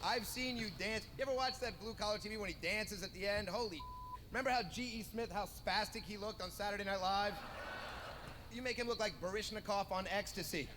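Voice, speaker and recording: A man performing a stand-up roast set, firing off biting insult jokes with filler pauses between punchlines. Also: high voice. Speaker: roast comedian. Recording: noisy live roast recording.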